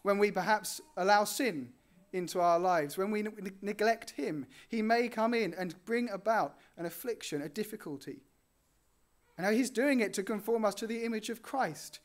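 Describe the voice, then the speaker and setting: A male preacher with a fairly high voice delivers a sermon in an earnest way. He swells on important words and then sinks to quiet, low endings. His pitch sits above most men's. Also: normal speed. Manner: earnest, rising on key phrases and dropping softly at line ends.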